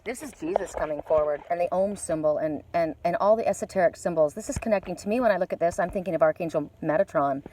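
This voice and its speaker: A woman giving an oracle card reading outdoors by the water, talking excitedly and breaking into gasps and exclamations. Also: fairly low pitch, fast talker, hardly any pauses, slight background noise.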